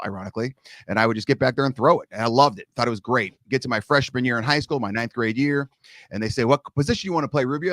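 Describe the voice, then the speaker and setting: Fast-talking middle-aged man telling stories. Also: medium pitch, no echo. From Southern California. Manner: animated storyteller, acts out quoted coaches. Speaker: guest, long snapping coach. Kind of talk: casual storytelling.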